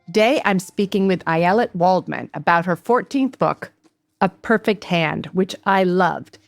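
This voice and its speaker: A woman's voice: fairly low pitch, measured pace, gravelly, soft background music. A woman hosting a book podcast, reading a scripted introduction and asking questions with enthusiasm. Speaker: podcast host.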